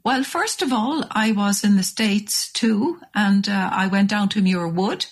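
An older Irish woman telling a story with lively, animated delivery in a radio interview. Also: mid-range voice, a little slow. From Ireland. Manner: animated storyteller, restarts and acts out voices. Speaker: guest.

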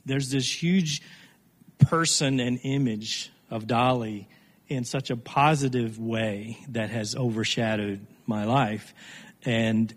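A man's voice: medium pitch, slightly rough, long reverb tail. A man from Appalachia, an Appalachian studies scholar, speaking as a guest on a radio interview in an earnest, reflective way. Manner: reflective, earnest, occasional restarts.

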